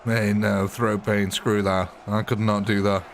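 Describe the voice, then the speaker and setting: Brief: male game streamer, lowish voice, loose rambling chat with viewers, quick to laugh. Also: little pitch movement, slight background noise. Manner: rambling, chatty, laughs often, greets viewers by name. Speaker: game livestreamer. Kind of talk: casual live gameplay chat with viewers.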